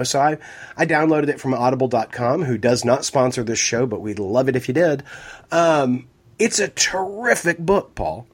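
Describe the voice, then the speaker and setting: A man co-hosting a podcast in casual chat, a bit hoarse from a cold, rambling and wry. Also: mid-range voice. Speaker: podcast co-host.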